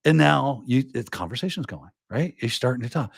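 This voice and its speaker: Recorded dry with clean studio quality, a higher, slightly creaky male voice moves a little quickly. He hosts a laid-back live show as a podcaster, offering advice and animatedly voicing little quoted scenes.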